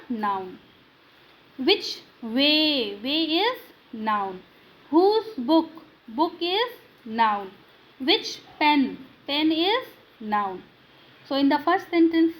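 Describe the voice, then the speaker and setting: Woman grammar teacher, non-native English; high, measured delivery that asks then answers its own questions. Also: poor audio. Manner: slow, drilling questions and answers to students. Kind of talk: classroom grammar lesson.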